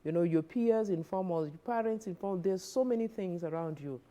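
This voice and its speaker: A woman's voice: on the low side, fairly quick, mellow, lo-fi sound. A woman, a guest expert on a studio television interview, explaining earnestly and often repeating words as she advises parents.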